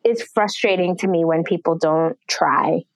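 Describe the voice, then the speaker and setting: A woman's voice: fairly low pitch, a little slow, dry recording. A young adult woman guest on a podcast, talking casually with lots of "like" and easy laughter. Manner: relaxed, says "like" a lot, laughs easily.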